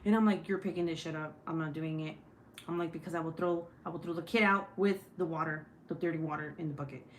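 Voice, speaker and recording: A young woman chatting casually at home, telling profane stories and acting out the quotes in lively bursts. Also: low-pitched, quick pace, slight background noise. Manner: profane, animated, acts out quotes. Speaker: craft vlogger. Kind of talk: casual storytelling chat.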